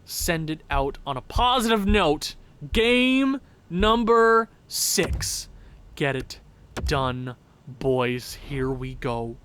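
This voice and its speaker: A young man commentating a hockey video game with a worn-out voice, yelling and repeating himself at big plays. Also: medium pitch, slow pace, smooth. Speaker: gaming YouTuber. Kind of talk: excited play-by-play over a hockey video game.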